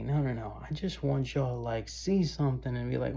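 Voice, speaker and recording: A vlogger talks casually to camera in a loose, wandering monologue, regularly throwing in "bro" and "y'all." His medium-pitched voice is gravelly, mellow, and a bit rough, and he speaks briskly with few pauses.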